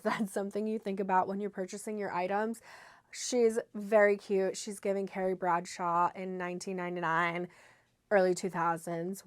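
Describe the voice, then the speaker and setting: A woman's voice: medium pitch, no room sound, studio quality. Congested young woman chatting on camera. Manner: chatty, self-deprecating, trails off and restarts. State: congested from a head cold. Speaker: fashion vlogger. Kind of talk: casual try-on haul chat to camera.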